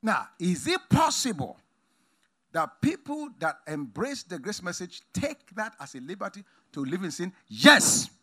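A male preacher delivering a sermon at a conference, with a somewhat high voice that swings widely in pitch. His delivery is emphatic, moving from loud exclamations to quiet asides. His tone is bright and forceful. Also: big pitch swings, a little slow, slightly rough. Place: conference hall.

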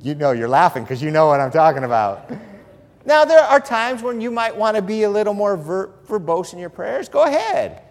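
A man preaching a sermon as a pastor, telling stories with humor and lively emphasis. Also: high voice, moderate pace, big-room sound. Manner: animated, humorous storytelling preacher.

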